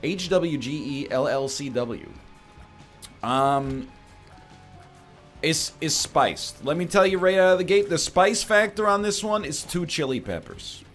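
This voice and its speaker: A man's voice: a little high, measured pace, a bit bright. A young adult man talking through a game in rambling, self-deprecating casual commentary, jumping to sudden exclamations. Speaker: gaming commentator. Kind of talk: casual let's-play commentary. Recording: faint music behind.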